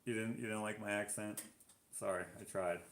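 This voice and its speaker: A man's voice: lowish voice, fairly even intonation, moderate pace. Chatty Canadian man in roomy echo. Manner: chatty, reacting aloud to viewer comments. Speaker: live-stream host. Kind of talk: casual chat reading live comments.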